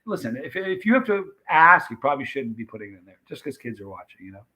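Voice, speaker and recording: A man's voice: mid-range voice, very animated, quick pace, pushed and bright, rough recording. A man from the United States hosting a live stream, telling a rambling story in a chatty way and talking straight to his viewers. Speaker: livestream host.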